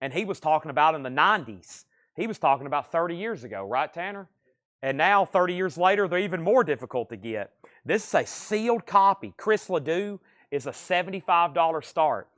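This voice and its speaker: A man hosting a live record sale, calling prices and bids in brisk salesman patter. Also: a little high, lively intonation, a bit bright. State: out of breath. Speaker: livestream record auctioneer.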